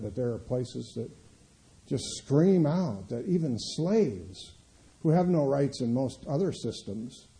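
Impassioned preacher man with a dark voice. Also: rough recording. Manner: impassioned, swings from loud emphatic declarations to low asides. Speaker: pastor. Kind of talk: sermon.

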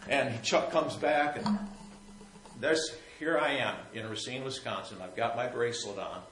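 A man telling a personal faith story in a rambling, repetitive way, sometimes growing soft and emotional. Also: mid-range voice, measured pace, echoey room, a little hiss or hum, rough recording. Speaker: Christian storyteller.

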